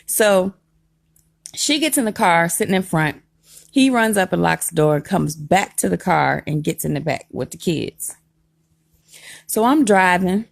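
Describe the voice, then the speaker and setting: Gravelly, animated woman storyteller. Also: lowish voice, normal speed, long pauses, dry recording, studio quality. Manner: animated, emphatic, laughs while telling. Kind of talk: casual storytime vlog.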